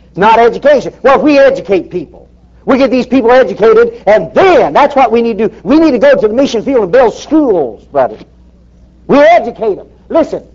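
A man preaching a fiery sermon in an emphatic, folksy way, firing rhetorical questions at the congregation. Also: extremely high pitch. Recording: dull lo-fi recording.

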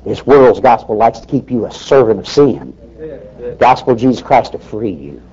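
A man's voice: medium pitch, very animated, moderate pace, dark tone. A man preaching a fiery sermon in an emphatic, folksy way, firing rhetorical questions at the congregation. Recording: dull lo-fi recording.

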